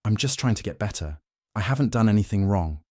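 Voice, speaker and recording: A man's voice: on the low side, animated, a little fast, dark tone, no echo, voice pushed up. Guy doing scared teen girl, shaky pleading voice, dry close sound. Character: frightened young woman, nineteen, pleading.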